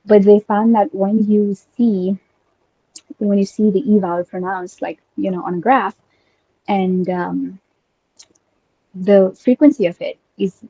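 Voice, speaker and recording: A woman's voice: mid-range voice, fairly even intonation, measured pace, long pauses, slightly rough, dry recording, muffled recording. A young woman whose first language is Urdu, talking eagerly in casual conversation and thinking aloud with many fillers and restarts. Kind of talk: casual conversation about linguistics.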